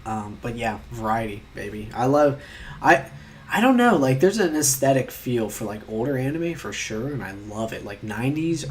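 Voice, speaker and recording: A young man with a mid-range voice chats casually while taking online quizzes, reading the questions aloud and rambling in mock-outraged asides, sometimes muttering. There's a little hiss or hum on the recording.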